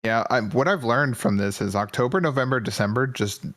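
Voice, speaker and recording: A man's voice: mid-range voice, a little fast, a bit bright, no room sound. A man co-hosting a podcast in casual chat, easygoing and agreeable, with a lot of hesitant fillers. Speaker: podcast co-host.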